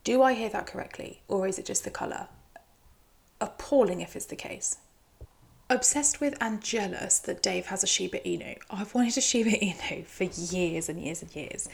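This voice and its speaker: A woman's voice: medium pitch, moderate pace, vocal fry, slightly rough. A woman giving a chatty, teasing recap commentary. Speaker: show recap host.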